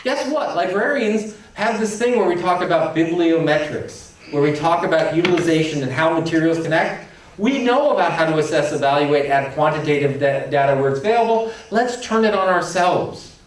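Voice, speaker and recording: A man delivers an animated conference talk with a playful, emphatic edge, slipping into quoted voices as he goes. His voice rides high. It reaches the listener from a distance, washed in heavy hall echo. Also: moderate pace, a little hiss or hum. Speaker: conference keynote speaker. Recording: echoey hall, distant mic.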